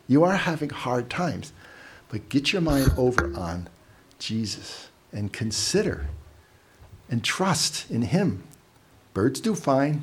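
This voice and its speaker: A man's voice: medium pitch, slightly rough. A man giving a casual, conversational sermon, telling stories with asides and repeating words as he goes. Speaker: preacher.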